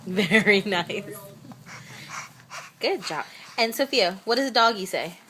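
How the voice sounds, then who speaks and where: A woman talking slowly and encouragingly to her toddler at home, praising each answer. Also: medium pitch, animated, sharp tone, a little hiss or hum. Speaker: mother. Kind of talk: baby talk with a toddler. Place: home, at a changing table. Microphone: camera recording.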